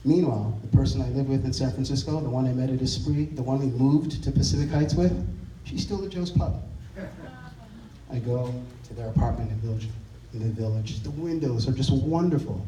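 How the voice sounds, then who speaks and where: A man's voice: medium pitch, fairly quick, warm tone, a little hiss or hum. Wry man telling stories on stage. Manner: wry, self-mocking. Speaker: storyteller. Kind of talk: live comic storytelling. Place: stage at a live show. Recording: distant roomy live stage recording.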